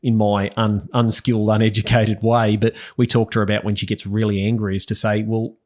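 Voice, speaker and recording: A man's voice: lowish voice, flat delivery, fairly quick, darkish tone. A man hosting a podcast interview, conversational, thinking aloud and checking with tag questions. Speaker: podcast host.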